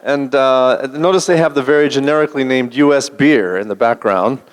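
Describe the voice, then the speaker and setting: A man performing a stand-up comedy set, delivering deadpan one-liners with dry asides. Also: mid-range voice, normal speed. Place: large event hall. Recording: long hall reverb.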